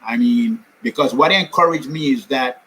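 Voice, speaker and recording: A man's voice: mid-range voice, moderate pace, sharp tone, slight background noise, poor audio. An older man from New York telling his marathon story in a casual, rambling way, with many fillers and restarts. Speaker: amateur marathon runner.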